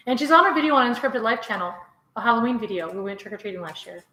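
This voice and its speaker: Woman vlogger, middle-aged, fairly high voice, chatty with frequent laughs, roomy echo. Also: fast talker, pushed and bright. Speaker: vlogger host. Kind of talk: casual live chat with viewers. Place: indoors at home.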